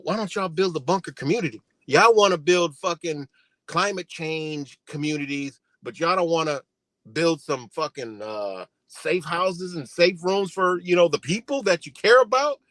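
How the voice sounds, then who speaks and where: A man's voice: fairly high pitch, moderate pace, a bit bright, dry recording. A man hosting a live stream, ranting in a heated, profane, repetitive way. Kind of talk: ranting commentary.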